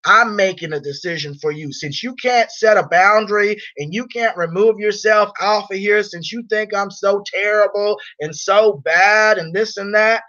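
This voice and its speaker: A man with a high, bright, forceful voice chats casually on a live stream, reading viewer comments aloud in a blunt, irritated way. The stream audio is dull and lo-fi.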